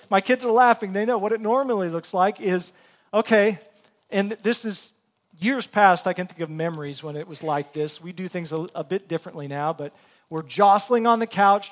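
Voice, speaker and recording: A middle-aged man preaching a sermon in a church, telling earnest, self-deprecating stories about family life. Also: high voice. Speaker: pastor.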